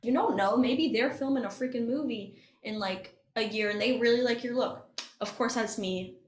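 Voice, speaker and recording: A woman's voice: a little high, moderate pace. A young woman, a singing contestant, chatting casually as a podcast guest and acting out what people said, with plenty of laughs. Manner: animated storytelling, acts out quotes, laughs often. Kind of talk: casual chat. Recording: roomy echo.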